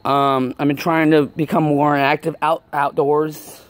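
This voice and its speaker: Male actor for a self-filming vlogger: winded and apologetic, a fairly high voice, outdoors on a handheld camera. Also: flat delivery, unhurried, close to an everyday voice. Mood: flustered. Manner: apologetic, rambling, with many ums. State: out of breath. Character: nervous, out-of-shape man starting a vlog. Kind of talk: film acting as a self-filmed video log. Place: outdoors, walking near an apartment complex.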